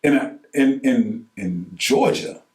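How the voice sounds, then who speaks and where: Animated New man telling a story. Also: mid-range voice, slow, echoey room. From New York. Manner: animated, acts out quoted dialogue with colloquial slang. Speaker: podcast co-host. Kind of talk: casual storytelling chat.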